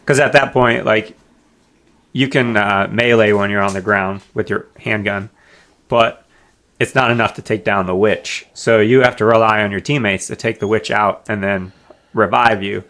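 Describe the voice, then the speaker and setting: A laid-back man with a low voice co-hosts a casual podcast chat. He talks at normal speed with fairly even intonation and a fairly bright tone.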